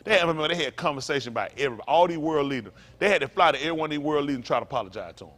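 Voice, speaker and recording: A man preaches to his congregation with fiery emphasis. He repeats his points and slips in mocking asides. His voice sits high and swings widely from phrase to phrase. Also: expressive, racing, a bit bright. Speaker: pastor.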